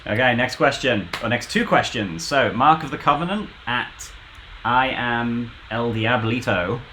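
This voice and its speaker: A man's voice: medium pitch, expressive, unhurried, pushed and bright, slight background noise. A man co-hosting a casual live stream, reading out listener questions and cracking dry jokes.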